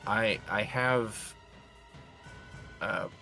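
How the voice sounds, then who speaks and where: Lowish guy with a sharp bright voice playing dnd, polite, asks about rolls. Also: extremely slow, gravelly, faint music behind. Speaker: player. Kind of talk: tabletop role-play.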